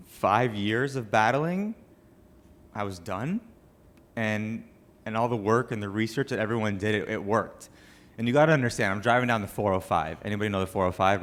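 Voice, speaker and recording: A young man with a low voice speaks to a banquet room full of people at a charity event. He tells his story as a cancer survivor, earnest and emotional. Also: a bit bright. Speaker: cancer survivor giving a speech.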